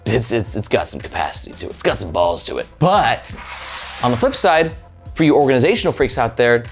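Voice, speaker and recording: A male host talking through a backpack review in a chatty, upbeat way, his pitch bouncing around animatedly. Mid-range in pitch, he keeps things casual with plenty of fillers. Soft music plays faintly underneath. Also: big pitch swings, brisk. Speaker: gear reviewer, channel host. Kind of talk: casual product review vlog.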